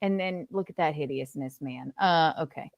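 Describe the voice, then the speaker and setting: A woman's voice: sits low, normal speed, gravelly, dry recording. A woman co-hosting a casual reaction chat, sarcastic and outspoken, with swearing. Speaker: co-host.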